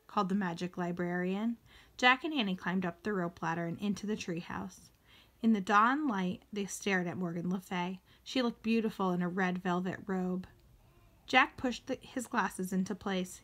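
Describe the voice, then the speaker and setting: A woman reads a children's chapter book aloud in a bright, forward voice at a middle pitch. She lifts her voice for the children's lines and now and then restarts a word. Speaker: reader.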